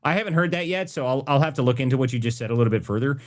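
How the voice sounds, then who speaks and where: A man's voice: mid-range voice, animated, very fast. A man hosting a live political audio chat, blunt and mocking, swearing freely about politicians. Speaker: host.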